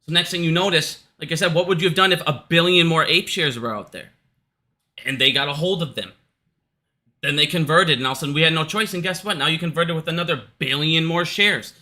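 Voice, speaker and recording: This stock market commentator from Minnesota talks at home in a brisk, slightly high, sharp voice. His casual commentary runs heated, profane, and repetitive, and he sounds hot and out of breath.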